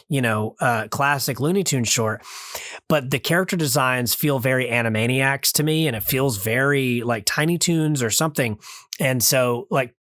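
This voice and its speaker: A man in his thirties talks through a film review on a podcast in a loose, rambling way, stopping and restarting often with plenty of fillers. His voice sits at a middle pitch. It is recorded dry and close, with no room sound. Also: fairly bright tone, no echo. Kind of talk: casual review chat. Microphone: remote call mic.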